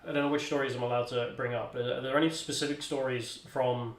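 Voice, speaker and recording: A man's voice: mid-range voice, steady tone, fast talker. A man interviewing a guest, cutting in with short prompts and questions. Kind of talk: casual interview. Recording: roomy room.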